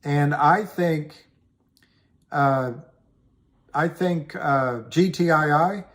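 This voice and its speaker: Slow rambling man hosting a livestream. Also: fairly high pitch, fairly bright tone. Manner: slow, rambling, reads chat comments aloud. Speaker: livestream host. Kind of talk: casual livestream chat about stocks.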